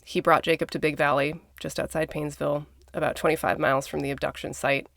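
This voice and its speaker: Gravelly woman podcaster recounting a crime. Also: low voice, flat delivery, quick pace, fairly bright tone, dry recording, clean studio sound. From Minnesota. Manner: conversational, blunt asides and swearing. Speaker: podcast co-host. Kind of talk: casual true-crime storytelling.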